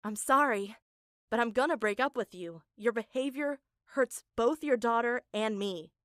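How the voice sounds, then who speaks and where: A woman doing a soft-spoken weary mother. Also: on the high side, normal speed, no room sound, studio quality, natural voice. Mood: nervous.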